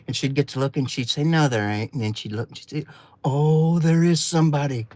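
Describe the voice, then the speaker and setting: A man's voice: medium pitch, quick pace, dry recording. A man from Arkansas with a Southern accent, telling a rambling, profane story in a folksy, casual way.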